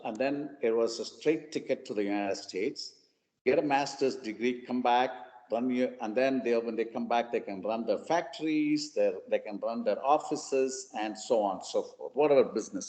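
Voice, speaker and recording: A man's voice: mid-range voice, normal speed, in a large hall. A man from Chennai with an Indian English accent, telling his life story as a guest speaker and briefly acting out the people he quotes. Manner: animated storyteller who briefly acts out the voices he quotes. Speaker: guest speaker at a mentoring webinar. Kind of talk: personal storytelling.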